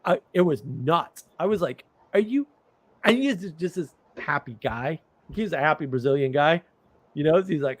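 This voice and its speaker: This US livestream host tells stories in a relaxed, chatty way, mimicking others with lively bursts of disbelief. He speaks at a moderate pace in a slightly high voice, captured dry.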